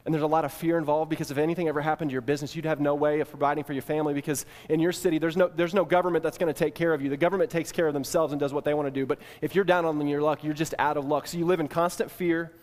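A man preaching a sermon, retelling an ancient scene in the second person and shifting between hushed and emphatic delivery. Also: a little high, fairly even intonation, racing, hardly any pauses. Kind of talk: sermon storytelling. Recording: long hall reverb.

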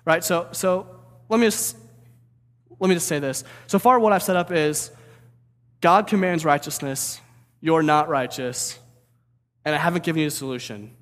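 A preacher from St. Louis giving an energetic, conversational sermon, often checking in with "right?". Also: male voice, a little high, moderate pace, pauses often, big-room sound. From St. Louis, USA.

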